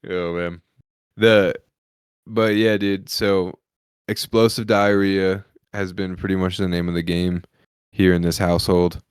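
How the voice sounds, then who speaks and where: Low-ish guy on a comedy podcast, swearing a lot and laughing through his own stories, dry close sound. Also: little pitch movement, unhurried, clear, resonant tone, dry recording. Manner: profane, laughs often while telling stories. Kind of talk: crude casual chat.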